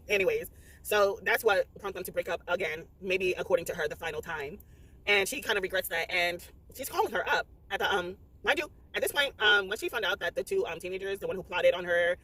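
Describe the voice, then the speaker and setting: A woman rattles through a spoiler book review at a quick clip, her voice slightly husky and breathy. She is blunt and profane, and she keeps acting out her own reactions in sudden high exclaims. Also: fairly bright tone. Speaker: book vlogger.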